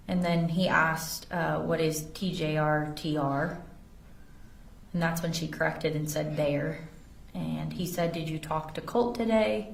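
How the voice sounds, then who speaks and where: A woman's voice: low voice, steady tone, measured pace, creaky. A woman testifying as an investigator in a courtroom, carefully reading text messages aloud. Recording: echoey courtroom audio from far off.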